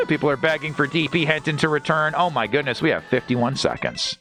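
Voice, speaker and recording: A man streaming a video game with jokey, animated banter in casual commentary. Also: medium pitch, fairly quick, few pauses. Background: game music.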